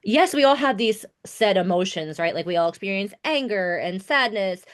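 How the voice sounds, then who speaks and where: A chatty woman hosting a podcast, her speech loose and full of fillers. She laughs easily and sounds animated and warmly engaged with her guest. Her voice sits at an everyday middle pitch. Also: moderate pace. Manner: animated, laughs often, many filler words. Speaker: podcast host. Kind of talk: casual conversational interview.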